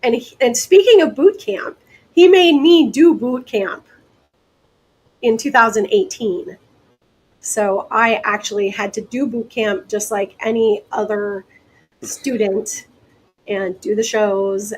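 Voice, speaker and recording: A woman from the American Deep South, a guest hypnotist telling stories in a casual interview, chatty and quick to laugh. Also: breathy edge, poor audio. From Deep South, United States. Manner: chatty, laughs often, lively asides.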